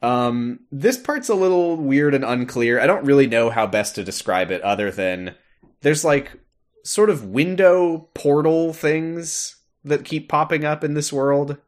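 A man's voice: fairly high pitch, expressive, unhurried. A man co-hosting a podcast, chatting casually while recapping a video game, laughing often and dropping into silly voices when he quotes characters. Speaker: podcast co-host.

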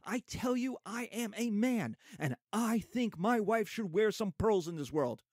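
A man's voice: high voice, big pitch swings, unhurried, darkish tone, dry recording, clean studio sound, voice pushed up, exaggerated voice. A man reading as a proud, bitter young husband. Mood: indignant. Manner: impassioned dramatic reading, raised voice.

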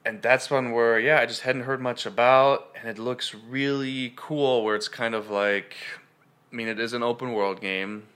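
A man's voice: medium pitch, steady tone, normal speed, fairly bright tone, clear, resonant tone. A man hosting a podcast in casual chat, rambling along with many fillers and restarts. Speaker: podcast host.

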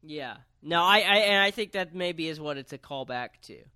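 Bright-voiced man recapping casually. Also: a little high, moderate pace, dry recording. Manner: relaxed storytelling with fillers. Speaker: podcast co-host. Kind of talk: casual chat recapping wrestling.

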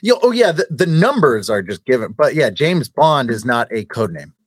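A man in a casual chat, jokey and animated, often restarting sentences. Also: medium pitch, normal speed, dry recording.

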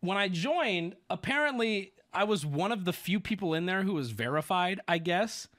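Male streamer, casual sarcastic commentary, bright voice with a lively, swooping delivery. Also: high-pitched, moderate pace. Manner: animated, profane, sarcastic storytelling.

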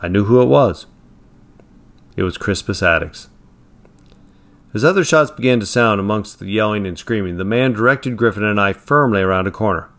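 A man's voice: on the low side, moderate pace, pauses often, a bit bright. Man reading a story aloud. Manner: plain reading with occasional slips and restarts. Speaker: narrator. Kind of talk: first-person storybook read-aloud.

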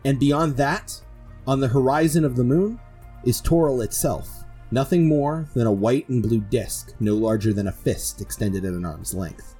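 Mellow, husky-voiced male game master narrating. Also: medium pitch, faint music behind. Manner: descriptive, measured storytelling. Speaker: dungeon master. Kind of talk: narrating a tabletop game podcast.

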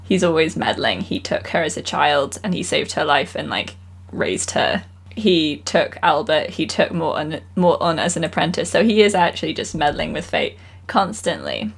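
A woman's voice: low-pitched, normal speed, gravelly, hardly any pauses, husky. A woman co-hosting a podcast, casually and thoughtfully talking through a book's ideas. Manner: thoughtful, relaxed, musing. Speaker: podcast co-host. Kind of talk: casual book club chat.

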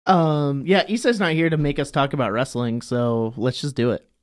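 A man's voice: mid-range voice, normal speed, no room sound, clean studio sound. A man hosting a casual podcast, joking and teasing himself. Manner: joking, self-deprecating. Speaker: podcast co-host. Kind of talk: casual chat.

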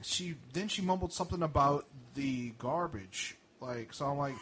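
A man on a comedy podcast telling a rambling story, acting out baffled dialogue with animated outbursts. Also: on the high side, normal speed, hardly any pauses, slight background noise. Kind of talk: casual storytelling chat.

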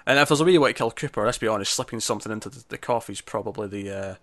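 A man's voice: fairly low pitch, racing, fairly bright tone, dry recording. A man, chatting casually as he recaps a TV episode, often acting out quotes. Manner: chatty, lots of fillers and acted-out quotes. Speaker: podcast co-host.

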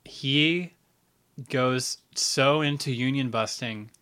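A man co-hosting a podcast, dropping short, dry jokes into a casual political chat. His voice sits at a middle pitch with a bright, forceful tone. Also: slow pace, clear, resonant tone. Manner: dry joking interjections. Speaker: podcast co-host.

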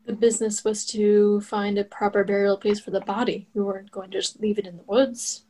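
A woman playing in a tabletop game in casual, quick, questioning talk. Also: medium pitch, little pitch movement, mellow. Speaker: player. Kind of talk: casual chat.

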